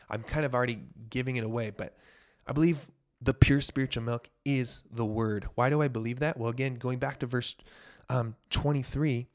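A young man hosting a devotional podcast, teaching from the Bible in an earnest, emphatic way that builds to bursts of excitement. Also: medium pitch. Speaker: podcast host sharing a devotional.

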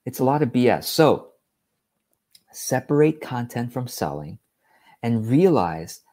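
A man's voice: mid-range voice, big pitch swings, a little slow, warm tone. Blunt, exasperated man ranting to camera. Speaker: business coach. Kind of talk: direct-to-camera talk.

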